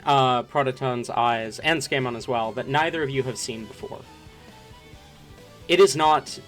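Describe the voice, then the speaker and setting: A man narrating as game master in a tabletop game, unhurried with many ums and uhs. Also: medium pitch.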